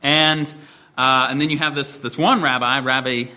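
A middle-aged man delivers an expository sermon, walking his listeners through the scripture step by step. His voice is bright and forward, at an ordinary pitch for a man. He talks in a measured way, now and then pausing on a filler or restarting a phrase. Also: fairly even intonation. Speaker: preacher.

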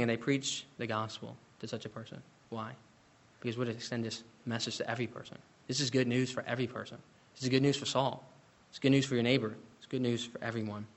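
A man delivers a sermon in a bright, ringing voice. He reads scripture with rising emphasis and presses each point home, swinging between loud declarations and quiet, serious asides. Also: medium pitch, fast. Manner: emphatic preaching, reading scripture aloud with rising intensity. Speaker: preacher.

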